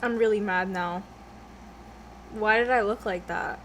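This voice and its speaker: A young woman talks to the camera from a room at home as she eats, rambling from story to story with plenty of swearing and laughter. Her voice sits in a middle pitch, and a faint hum of background noise runs under her voice. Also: a little slow, fairly bright tone. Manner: rambling, scatterbrained, swears a lot, laughs often. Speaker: vlogger. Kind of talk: casual mukbang chat.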